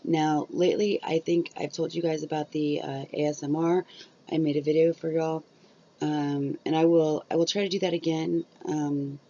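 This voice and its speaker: Gravelly-voiced woman rambling to camera. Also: low voice, little pitch movement, moderate pace, dark tone. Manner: rambling, chatty, frequent fillers. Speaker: YouTuber. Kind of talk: casual chat to camera. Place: at home on her bed. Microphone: cheap built-in camera mic. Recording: dull lo-fi sound.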